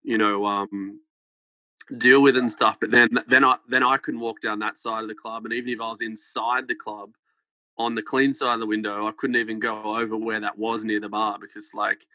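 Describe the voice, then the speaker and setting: A man's voice: on the low side, level tone, fairly quick, sharp tone, dry recording. A young man telling a story as a podcast guest, rambling with lots of fillers and light laughter. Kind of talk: casual storytelling. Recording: dull lo-fi podcast sound.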